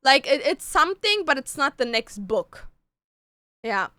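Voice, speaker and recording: A woman's voice: high-pitched, sing-song, a little slow, sharp tone, no room sound. A woman streamer chatting casually with her chat, gushing about books and shows and swearing freely. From Canada.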